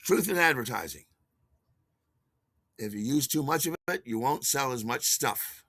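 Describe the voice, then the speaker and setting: An older man spins a casual, rambling story as a podcast host, stopping to restart his sentences and chuckling at himself. His voice is bright and tense, recorded close and dry with no room sound. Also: a little slow, dry recording. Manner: animated, acts out quotes in a higher voice.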